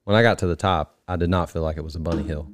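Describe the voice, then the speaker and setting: A man's voice: low-pitched, fairly even intonation, very fast. A man co-hosting a podcast, telling a story in an easygoing casual chat with a neutral way of talking. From upstate New York. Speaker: podcast co-host.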